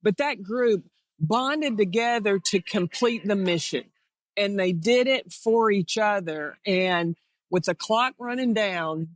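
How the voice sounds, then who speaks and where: A woman's voice: mid-range voice, slow pace, no echo. A middle-aged woman, a former head coach, reminiscing in an interview and acting out quoted dialogue as she tells her stories. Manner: storytelling that acts out quoted dialogue.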